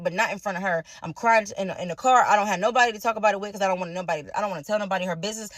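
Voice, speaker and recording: Fast-talking, cursing woman telling a story. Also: medium pitch, no echo. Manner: fast, heavily profane venting. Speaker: storytime vlogger. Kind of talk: casual storytime rant.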